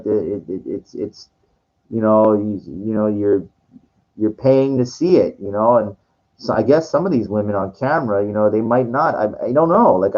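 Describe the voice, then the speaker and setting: A man telling a long personal story in casual monologue, rambling and full of fillers and restarts. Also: lowish voice. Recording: dull lo-fi recording.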